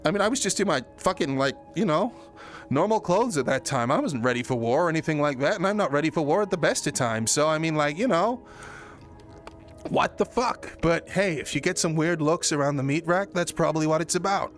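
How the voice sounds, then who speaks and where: A man in a casual chat who swears a lot and rambles with many restarts. His voice jumps higher when he gets exasperated. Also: expressive, quick pace, faint music behind. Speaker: roleplay streamer recapping his character's story.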